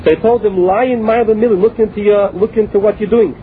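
A man's voice: sits high, steady tone, a little fast. A man teaching a Talmud class. He reads each phrase of the text and then explains it in plain English. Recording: tinny phone line with faint noise.

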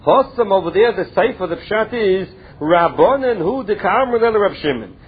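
A man's voice: high voice, lively intonation, normal speed, breathy edge. A man teaching a Talmud study lesson, reading Hebrew and Aramaic phrases and explaining each in plain English. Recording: tinny phone-like audio.

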